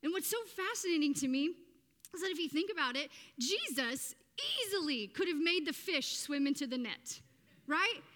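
A woman preaching a sermon in a lively, conversational way, often asking her listeners questions. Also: high-pitched, in a large hall.

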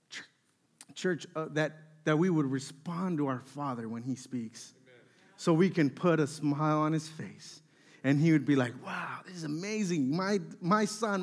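A man in his thirties preaching a sermon, telling family stories with lively acted-out dialogue. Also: high voice. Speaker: pastor.

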